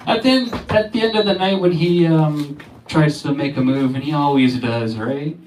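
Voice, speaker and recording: A man's voice: a little high, moderate pace, a little mellow. Dry male comic host, noisy club. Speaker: comedy show host and comedian. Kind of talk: stand-up set and introductions. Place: comedy club stage. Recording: echoey noisy club from far off. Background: audience laughter.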